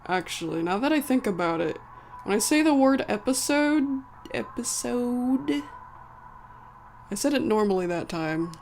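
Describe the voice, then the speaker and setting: A woman chats to a live-stream audience in a mid-range, slightly mellow voice, animated and brisk with few pauses. Her slight American country accent comes through as she rambles, corrects herself and chuckles. Faint music and slight background noise sit behind her.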